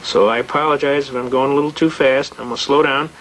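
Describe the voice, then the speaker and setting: A man giving a fast, anecdotal talk, acting out dialogue from his stories. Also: mid-range voice, steady tone, a bit bright, a little hiss or hum, low-quality recording. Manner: fast-talking storyteller, acts out dialogue. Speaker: speaker on legal rights. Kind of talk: anecdotal lecture.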